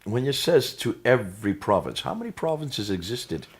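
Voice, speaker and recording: Deep American male co-host, steady and emphatic, pressing leading questions. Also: moderate pace, slightly rough. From United States. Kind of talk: apologetics discussion.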